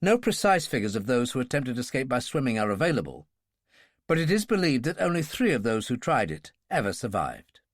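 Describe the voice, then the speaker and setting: A man narrating a thriller audiobook in a measured, expressive storytelling manner. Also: medium pitch, no echo, studio quality.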